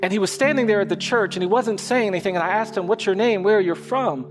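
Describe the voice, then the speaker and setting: A lawyer telling a personal story in a public speech, with measured, repetitive rhythmic phrasing. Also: male voice, high-pitched. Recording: echoey hall with faint music.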